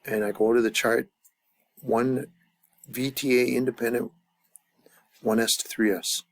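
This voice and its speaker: A man's voice: medium pitch, level tone, measured pace. A man teaching a grammar lesson at a chart, thinking aloud with many fillers and restarts. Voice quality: gravelly. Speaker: language teacher.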